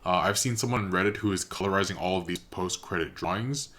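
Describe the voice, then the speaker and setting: A man's voice: sits low, fast talker, a bit bright. A man hosting a reaction channel, chatting casually and thinking aloud with lots of fillers.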